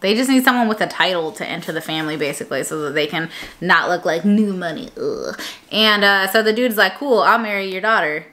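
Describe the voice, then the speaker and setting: A young woman vlogging in a casual, rambling chat, full of fillers and quick self-corrections. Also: on the low side, lively intonation, sharp tone.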